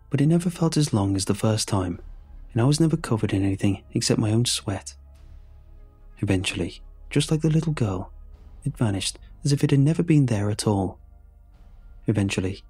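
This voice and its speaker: A man narrating a first-person horror story in a hushed, measured, shaken way. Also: lowish voice, lively intonation, husky, faint music behind.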